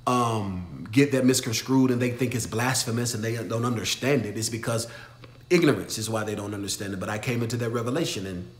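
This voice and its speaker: A man hosting a motivational livestream Q&A, talking emphatically, swinging from loud exhortation to low storytelling. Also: a little fast, echoey room. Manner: emphatic, preachy, shifts from shouting to low storytelling. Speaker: livestream host answering viewer questions.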